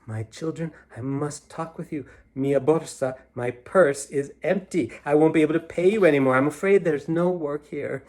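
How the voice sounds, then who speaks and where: A man voicing a calm, kindly old village witch in a picture book read aloud, speaking gently and soothingly. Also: fairly high pitch, normal speed, few pauses, natural voice. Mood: gentle.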